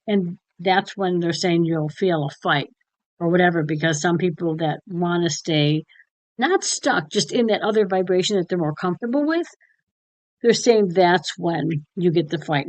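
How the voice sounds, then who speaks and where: Woman co-host, lowish voice, dry close sound, blunt and salty, retells stories with quoted voices. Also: dry recording. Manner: frank and blunt, swears freely, retells conversations with lively quoting. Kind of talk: casual spiritual chat.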